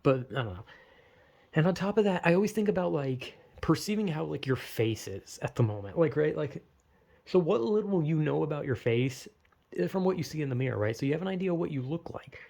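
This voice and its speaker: Gravelly young man rambling casually. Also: on the high side, lively intonation, a little fast, a little mellow. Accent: slight Southern US. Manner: rambling, heavy "like" fillers, swears casually, laughs at himself. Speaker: podcaster musing solo.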